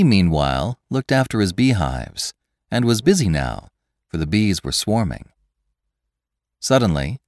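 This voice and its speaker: A man narrating a classic tale for a podcast in measured, expressive storytelling. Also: sits low, no echo, studio quality.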